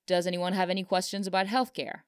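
Brief: woman reads a businesslike female press secretary, crisp and dry. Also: fairly low pitch, fairly even intonation, quick pace, no room sound, voice pushed up, lightly acted. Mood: brisk.

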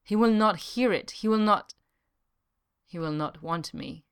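A guarded young man who speaks low and carefully, as a woman reads him in an audiobook. The voice is deep and smooth, hushed and hesitant. It sounds like a storybook figure holding back what he feels. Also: a little slow, no room sound, studio quality. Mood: anguished.

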